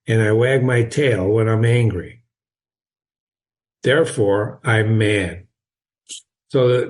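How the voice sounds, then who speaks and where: A man's voice: fairly low pitch, a little mellow. A man reading a classic novel aloud and explaining it as a teacher, chatty and encouraging, with frequent chuckles and digressions.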